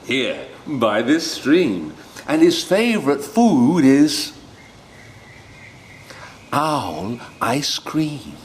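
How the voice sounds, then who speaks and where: A quick-witted little brown mouse from a storybook, voiced by a man, pitched somewhat higher than a normal speaking voice. He sounds chirpy and teasing, and bright with cheek. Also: big pitch swings, a little hiss or hum. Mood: cheeky.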